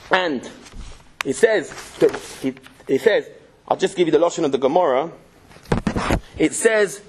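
A man teaching a Talmud class in a synagogue, telling the story in a joking, lively way. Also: fairly high pitch, slow, pauses often, background noise. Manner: jokey, lively storytelling with Yiddish-Hebrew terms. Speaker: Torah teacher.

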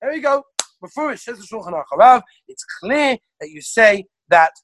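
A man teaching a Torah class over a video call, reeling off sources one after another in an animated way. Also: extremely high pitch, rough recording. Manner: rapid-fire listing of sources, animated. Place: lives in Israel.

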